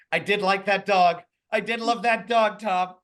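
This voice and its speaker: A man's voice: high voice, measured pace. A man in his fifties, a podcast guest, telling personal stories in casual chat, acting out the quoted lines and swearing freely. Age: 50s. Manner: animated, acts out quoted dialogue, swears freely. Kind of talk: casual storytelling.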